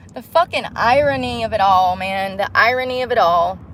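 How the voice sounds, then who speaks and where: Her mid-range voice has a fairly bright tone, with a little hiss or hum in the background. This woman vlogger is angrily and bluntly ranting to the camera from her car at night, swearing often.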